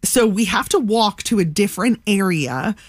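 A woman co-hosting a morning radio show, telling a story in an animated way. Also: mid-range voice, normal speed, no echo. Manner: animated storytelling, laughing, acting out voices. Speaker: radio co-host. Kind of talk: casual morning radio banter.

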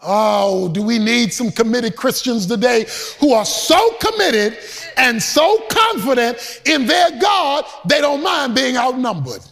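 High-voiced preacher man, sing-song delivery. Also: expressive, a little slow. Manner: emphatic, shouted preaching with a sing-song cadence; humorous, folksy asides. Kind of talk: sermon.

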